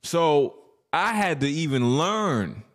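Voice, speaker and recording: Podcast co-host, man, East Coast, lively storyteller voice that swings high and low. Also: slow. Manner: animated storyteller, acts out quotes with big pitch jumps. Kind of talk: casual chat.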